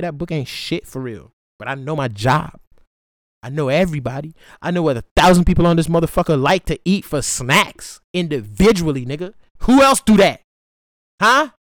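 A man's voice: high voice, fairly bright tone, dry recording, studio quality. A young man in a casual, profane, slang-heavy monologue, rambling as he gives blunt advice. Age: young adult. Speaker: vlogger.

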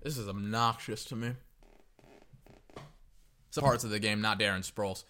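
Bright-voiced rambling sports podcaster man. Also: fairly low pitch, normal speed, slight background noise. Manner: rambling, restarts, excited outbursts. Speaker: podcast host. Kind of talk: casual sports commentary.

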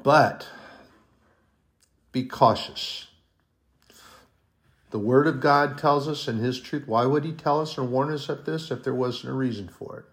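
A man preaching a sermon in an earnest way, slowing on key words and rising to emphatic peaks. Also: medium pitch.

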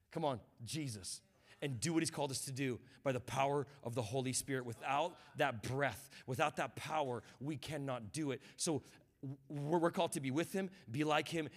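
A man preaching a sermon as guest pastor, building from quiet reflection to shouted fervor and calling on the congregation to respond. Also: fairly high pitch.

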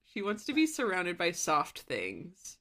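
A woman's voice: on the low side, wildly swooping pitch, measured pace, fairly bright tone. A woman in her twenties co-hosting a podcast over a video call, playful and joking while recapping a TV episode. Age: 20s. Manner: playful, joking, frequent laughter. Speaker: podcast co-host. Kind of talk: casual chat recapping a TV episode.

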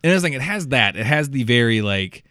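A man co-hosting a podcast, animated and rambling in a casual movie review chat. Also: mid-range voice, fast talker, clean tone, dry recording, studio quality. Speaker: podcast co-host.

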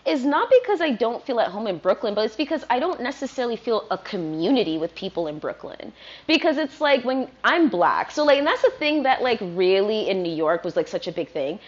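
A woman's voice: a little high, sing-song, a little fast, highs cut off. A woman from Virginia hosting a podcast, talking in a loose, rambling monologue with lots of swearing, recorded in her apartment. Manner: swears a lot, loose and ranting. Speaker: podcast host.

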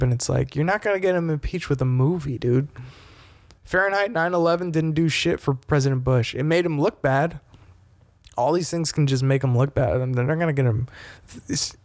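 A man's voice: a little high, no room sound, studio quality. A young man hosting a podcast alone, ranting bluntly and profanely about movies. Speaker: podcast host. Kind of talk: solo podcast rant.

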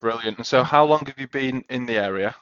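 A man hosting an interview, friendly and gently teasing his guest. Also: medium pitch, brisk. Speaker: podcast host. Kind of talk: casual interview chat. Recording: dull lo-fi audio.

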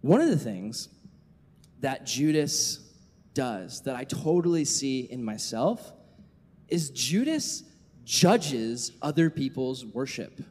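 A young man preaching to a youth group, telling a story with animated delivery and casual filler words. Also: medium pitch, takes it slowly. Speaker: youth pastor. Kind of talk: sermon to youth. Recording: echoey hall reverb.

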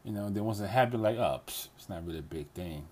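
A man leaving a casual voice message, relaxed and teasing, with plenty of slang. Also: on the low side, fast, breathy edge.

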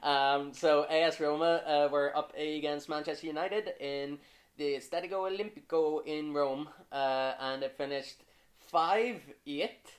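Male podcast host, slightly raised pitch, relaxed chatty delivery with fillers and swearing. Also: unhurried. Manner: relaxed, lots of fillers, swears when annoyed. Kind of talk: casual football podcast chat.

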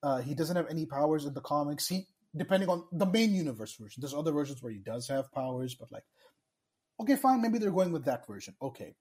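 Animated, exasperated young-sounding man ranting. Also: on the high side, fast. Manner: ranting, exasperated, swears often. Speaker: podcast co-host. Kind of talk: casual chat.

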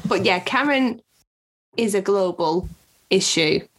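A woman co-hosting a podcast in casual chat, blunt and quick to swear, reading out stories and laughing between lines. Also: mid-range voice, lively intonation, husky, poor audio. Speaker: podcast co-host.

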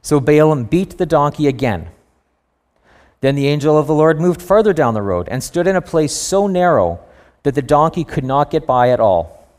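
A man preaching a sermon to a congregation, telling a Bible story in a lively, storytelling way with playful asides. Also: fairly high pitch, normal speed. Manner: storytelling, animated with voiced asides.

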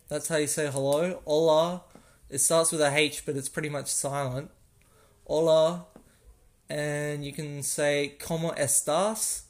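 A man hosting a casual solo podcast, recorded on a phone, explaining things in a slow, rambling way and correcting himself as he goes. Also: fairly high pitch. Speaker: podcast host.

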